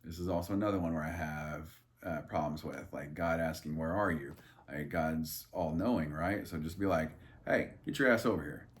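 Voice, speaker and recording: A man's voice: rumbling low, steady tone, moderate pace. A man reading a Bible passage aloud and breaking off into irreverent, crude joking asides, with a loose, rambling delivery full of fillers and restarts. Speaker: Bible study leader. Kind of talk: casual Bible reading with commentary.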